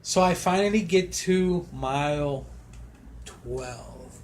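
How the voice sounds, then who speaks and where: A man's voice: a little high, slow pace, a little mellow, a little hiss or hum. A man co-hosting a podcast, casually telling a story with animation and acting out his own thoughts. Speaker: podcast co-host. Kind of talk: casual chat.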